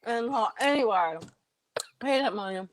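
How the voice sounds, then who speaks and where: A woman's voice: fairly high pitch, moderate pace, slight background noise. A woman guest telling a funny story with lots of energy, laughing and acting out voices as she goes. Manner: lively, acts out voices and laughs while telling. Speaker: guest singer. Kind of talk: animated storytelling.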